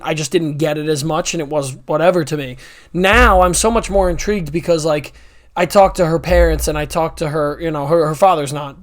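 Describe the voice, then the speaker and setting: High-voiced young man, rambling podcast chat. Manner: rambling, self-correcting, upbeat. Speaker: podcast host. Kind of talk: casual chat.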